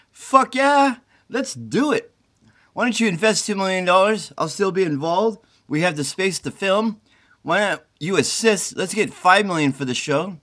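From his mother's home, a tired middle-aged man with the flu posts a rambling, foul-mouthed plea straight to camera, agitated and begging. His voice sits fairly high with a somewhat bright tone.

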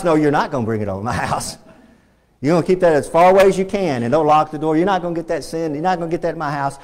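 In a church sanctuary, a Texan-accented pastor delivers a fervent sermon, repeating his points and building to emphatic peaks. His voice runs on the high side, racing along with lively intonation.

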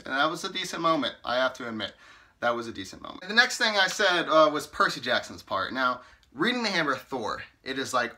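Bright-voiced man rambling casually. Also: on the high side, big pitch swings, brisk, slight background noise. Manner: rambling and chatty, full of "like" and "you know"; playfully exasperated, teasing. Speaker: book reviewer. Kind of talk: casual vlog commentary.

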